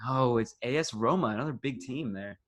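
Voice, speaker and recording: A teenage American guy co-hosts a casual sports podcast over a video call, running a quiz and teasing his friends in an upbeat way. His voice is medium-pitched and brisk.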